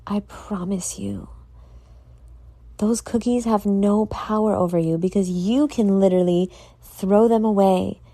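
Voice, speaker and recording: Sleepy podcast lady, gravelly voice, slow and mellow, talks straight to listeners all earnest. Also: mid-range voice, steady tone, no room sound. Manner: earnest, motivational, addresses listeners directly. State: tired, yawning. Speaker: podcast host. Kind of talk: casual solo podcast talk.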